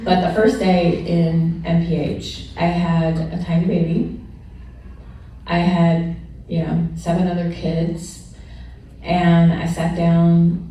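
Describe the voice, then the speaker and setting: A woman's voice: on the low side, mellow. Candid middle-aged woman, echoey hall. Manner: candid, laughs often, gets emotional. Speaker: honored alumna speaking at a celebration. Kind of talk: personal storytelling remarks to an audience. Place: large echoey event room with an audience. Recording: distant, echoey room sound.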